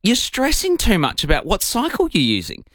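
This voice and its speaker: Playful, animated male radio co-host. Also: high voice, moderate pace, dry recording, studio quality. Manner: playful, lively, jokey delivery. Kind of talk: breakfast radio banter.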